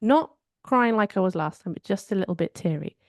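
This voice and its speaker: A woman co-hosts a podcast in a relaxed, conversational way. She tells personal stories candidly and reflects as she talks. Her voice sits in an ordinary middle register and is recorded dry and close. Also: medium pitch, brisk, no echo. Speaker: podcast co-host. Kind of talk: casual conversational chat.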